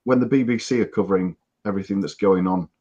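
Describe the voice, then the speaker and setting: A man's voice: deep voice, fast talker, dark tone. A man from the UK talking earnestly and disapprovingly in a casual podcast chat. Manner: earnest, disapproving, many restarts. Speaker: podcast co-host. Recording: dull lo-fi audio.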